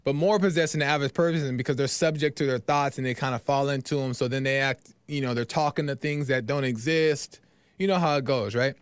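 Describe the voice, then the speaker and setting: A man's voice: medium pitch, a little fast, smooth, no room sound. A man hosting a podcast, telling a personal story in a loose, casual monologue full of fillers and asides. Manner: loose, repetitive, talks in fillers and "right?". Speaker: podcast host.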